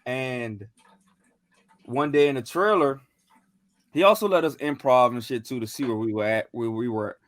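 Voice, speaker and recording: A man's voice: medium pitch, normal speed, long pauses, no room sound. A young man in casual chat, telling a rambling, slangy story with lots of fillers and restarts. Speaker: podcast co-host.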